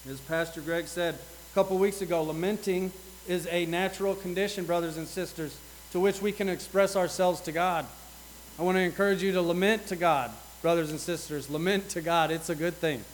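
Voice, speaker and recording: High-voiced earnest male preacher. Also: fairly even intonation, fairly quick, slight background noise, poor audio. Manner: earnest, reads scripture with rising intensity. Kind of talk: sermon.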